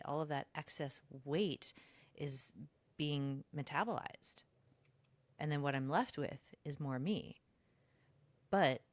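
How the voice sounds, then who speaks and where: A woman co-hosting a podcast, talking in a reflective, casual way with many fillers. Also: no echo. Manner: reflective, lots of "like", slips into high mocking voices when quoting herself. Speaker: podcast co-host. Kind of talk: casual spiritual chat.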